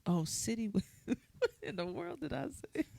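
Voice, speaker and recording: A woman co-hosting a podcast, talking in an animated, rambling way and laughing often. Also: fairly high pitch, moderate pace, creaky. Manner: animated, laughs often, talks in run-on asides. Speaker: podcast co-host. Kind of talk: casual chat.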